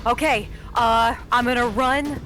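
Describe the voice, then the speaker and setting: A woman's voice: fairly high pitch, fairly even intonation, unhurried, fairly bright tone. A woman playing a tabletop game, chatty and a little nervous. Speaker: player. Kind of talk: casual tabletop play.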